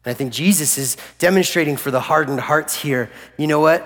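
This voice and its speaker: A man preaching a sermon in a church hall, animated and jokey, acting out the people in his story. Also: medium pitch, normal speed, hardly any pauses. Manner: animated, jokey, acts out voices of characters. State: recovering from flu. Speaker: pastor. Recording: long hall reverb.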